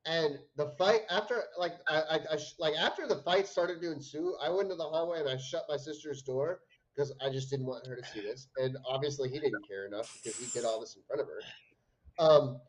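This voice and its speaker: A man's voice: a little high, fairly quick, muffled recording. A young man on a livestream, telling a rambling, profane story in casual chat. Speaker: stream co-host.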